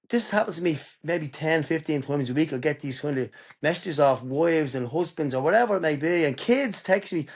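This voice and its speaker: A man's voice: fairly high pitch, lively intonation, fairly quick. An Irish man speaking as a podcast guest, telling his personal story in an earnest, emphatic way. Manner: earnest, emphatic, tells stories openly.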